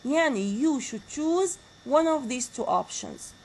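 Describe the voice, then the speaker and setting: A woman's voice: high voice, animated, normal speed, a little mellow, low-quality recording. A woman with an Iraqi Arabic accent and Arabic as her first language, giving a university lecture and often asking the class questions and repeating key words. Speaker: teacher.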